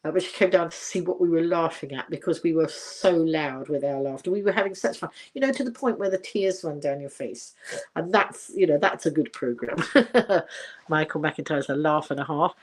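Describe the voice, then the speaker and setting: A woman's voice: low-pitched, normal speed. Older woman chatting casually on livestream. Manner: rambling and chatty, many fillers and restarts; reads out viewer comments. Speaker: livestream host.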